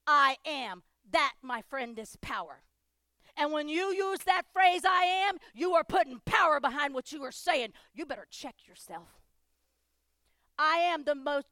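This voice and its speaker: High-voiced woman preaching emphatically. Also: no room sound, clean studio sound. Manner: emphatic, repetitive declarations, swinging between loud and hushed. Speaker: pastor. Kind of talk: sermon.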